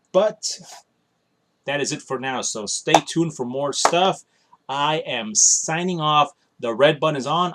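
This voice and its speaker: A man's voice: fairly high pitch, noisy background. A tired man rambling bluntly in a casual home vlog, complaining offhandedly as he talks straight to the camera in a small room. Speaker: vlogger.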